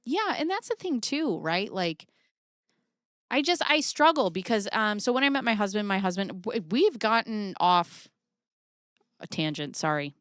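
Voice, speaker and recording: A woman's voice: medium pitch, very animated, unhurried, fairly bright tone, no room sound, clean studio sound. A woman in her thirties hosting a casual livestream, chatting frankly and swearing freely while reading out comments from viewers. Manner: chatty, swears freely, reads chat aloud. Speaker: livestream host.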